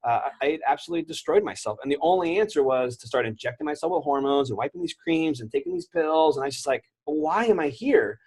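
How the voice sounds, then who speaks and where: A man in his thirties tells his story as a guest, quickly and with a slightly high, husky voice. He slips into the voices of the people he quotes. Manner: animated, acts out quoted voices. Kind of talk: storytelling interview.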